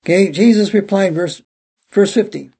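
A man's voice: high voice, moderate pace, warm tone, slightly rough. A man preaching a verse-by-verse Bible sermon, emphatic and peppering his teaching with "okay" as he restarts phrases.

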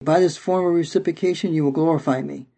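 A man preaching a Bible teaching, with a gravelly, husky voice that sits on the higher side. He reads scripture aloud and then unpacks it, peppering his explanations with "okay." The tone is dark and mellow rather than bright. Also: fairly even intonation, quick pace, rough recording.

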